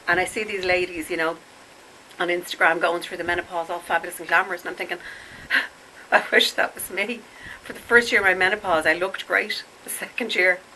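A woman's voice: sits low, pushed and bright, slight background noise, poor audio. A woman in her fifties talking bluntly and emotionally in a candid confessional vlog, with swearing. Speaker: vlogger. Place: home in Spain.

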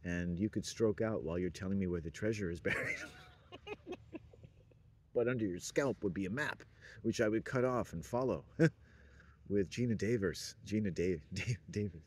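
A man's voice: lowish voice, moderate pace, long pauses. A man in a rambling stream-of-consciousness monologue, meandering between ideas with frequent chuckles and trailing phrases.

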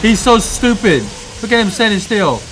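A young man giving excitable let's-play commentary, swearing, laughing and talking back to the game as he plays. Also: sits high, moderate pace, a little hiss or hum. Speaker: gamer playing through a video game.

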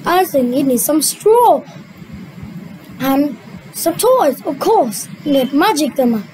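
A young adult woman, a native Vietnamese speaker, reading a children's cartoon story aloud in a sing-song, drawn-out way and switching between character voices. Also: high-pitched, big pitch swings, dark tone, a little hiss or hum, low-quality recording. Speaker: storyteller voicing a cartoon retelling.

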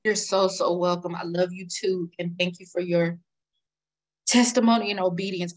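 A woman's voice: lowish voice, low-quality recording. A woman hosting a live online prayer session, speaking fervently and repeating her words of praise.

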